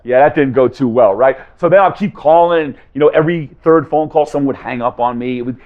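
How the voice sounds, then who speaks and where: A man in mid-range pitch tells a story with animated energy, switching voices to act out each side of a conversation. The sound is dull and slightly lo-fi. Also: brisk. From Las Vegas, USA. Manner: animated, acts out both sides of conversations. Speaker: guest speaker. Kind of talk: storytelling talk to a live audience.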